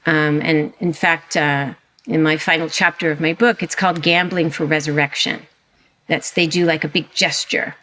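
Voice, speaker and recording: A woman with a lowish voice talks as a podcast guest. She is animated and emphatic, often restarting her sentences as she builds a point. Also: moderate pace. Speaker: guest historian and author. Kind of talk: conversational interview.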